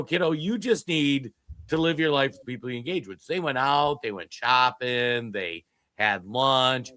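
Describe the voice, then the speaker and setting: A man's voice: mid-range voice, bright, forceful tone, no echo. A man co-hosting a political talk show, telling stories in a rambling way with many restarts. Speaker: podcast co-host.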